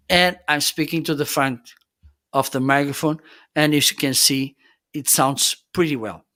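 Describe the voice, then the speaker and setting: A livestream host reviewing gear demonstrates it casually, explaining as he goes and checking in often with "okay," his English phrasing slightly non-native. He speaks a little slowly in a medium-pitched voice that is bright and forceful.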